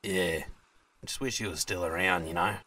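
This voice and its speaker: A man voicing a good-natured, gentle Australian bloke in a fan-made cartoon, easygoing and chuckling. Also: sits low, normal speed.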